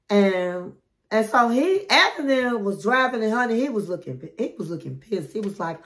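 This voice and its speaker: A woman's voice: mid-range voice, sing-song, normal speed, fairly bright tone. A woman hosting a casual reality TV recap, chatty and gossipy, calling her listeners honey.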